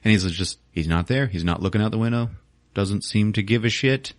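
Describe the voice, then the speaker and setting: A man's voice: on the low side, a little fast, no room sound, clean studio sound. Crude laughing male podcast host. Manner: crude, laughing, acts out scenes. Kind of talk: casual movie recap.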